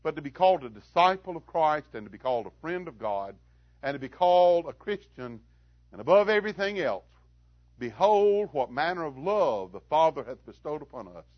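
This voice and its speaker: A middle-aged man preaching a sermon, rising to loud emphatic lines and dropping to hushed tones. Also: fairly high pitch, sing-song, moderate pace, no room sound, dull audio.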